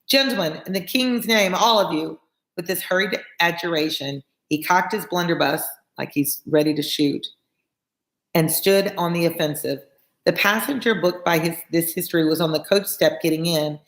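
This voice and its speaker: A woman's voice: low-pitched, moderate pace. A woman tutor reading a classic novel aloud, stopping for chatty asides that explain old words plainly. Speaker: read-along tutor. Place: home room with a fan on. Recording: echoey room.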